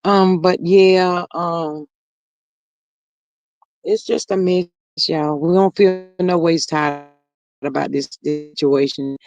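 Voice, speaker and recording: A woman hosting a livestream in casual chat, reading comments aloud in a chatty, drawling way that swings high and low. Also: fairly even intonation, slow pace, pauses often, a little mellow, no room sound, dull audio.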